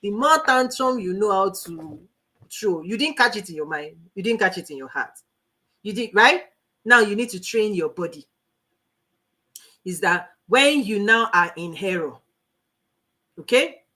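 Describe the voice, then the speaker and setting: A Nigerian woman teaching a live online coaching class in an animated, preachy way, laughing often. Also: medium pitch, unhurried, long pauses. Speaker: life coach.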